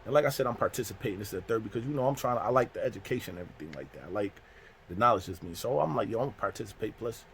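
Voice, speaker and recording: A man's voice: fairly low pitch, lively intonation, racing, fairly bright tone, slight background noise. A man casually telling a story from prison, acting out the other people in it. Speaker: storyteller host.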